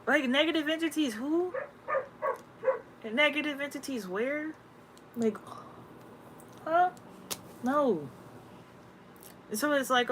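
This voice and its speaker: A woman in a casual, slang-filled spiritual talk, rambling and animated as she tells stories. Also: high voice, takes it slowly, pauses often, slight background noise. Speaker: spiritual content creator.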